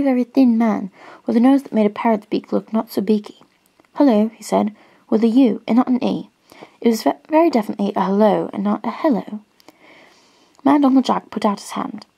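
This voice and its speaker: A woman gently reading a storybook aloud in a soft-spoken ASMR style, dropping into whispers at times. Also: medium pitch, creaky, slightly rough, poor audio. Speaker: ASMR reader.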